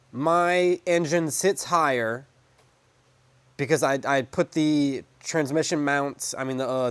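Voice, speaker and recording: A man's voice: mid-range voice, clear, resonant tone, no room sound. Casual, cursing man in a garage. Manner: casual and profane, trailing off and restarting. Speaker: car owner working on his own car.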